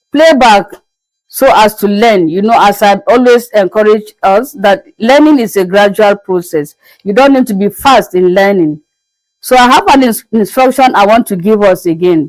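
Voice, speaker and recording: A woman's voice: medium pitch, moderate pace, dry recording, poor audio. A woman teaching French as a lesson to her channel, who spells the words out and repeats each one patiently. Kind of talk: slow, patient classroom lesson.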